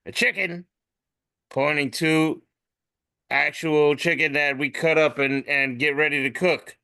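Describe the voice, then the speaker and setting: Male podcast host, bright and clear, animated delivery full of put-on caption voices. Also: a little high, unhurried. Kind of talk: casual chat describing memes aloud.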